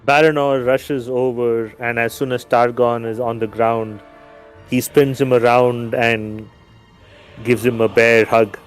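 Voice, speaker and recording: A man playing a tabletop game, narrating his character in a halting way. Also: mid-range voice, level tone, clean tone, soft background music. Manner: halting, filler-heavy. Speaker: player.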